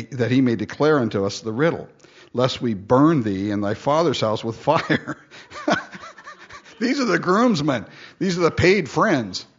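A man's voice: mid-range voice, breathy edge. A man preaching a sermon in a joking way, acting out the story in voices. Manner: animated, joking, acts out the lines in voices. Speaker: pastor. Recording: dull, lo-fi sound.

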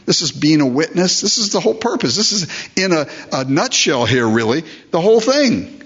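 A man's voice: on the high side, big pitch swings, moderate pace, fairly bright tone, slightly rough, dull audio. An older man preaching a sermon as pastor, emphatic, repeating phrases and asking rhetorical questions.

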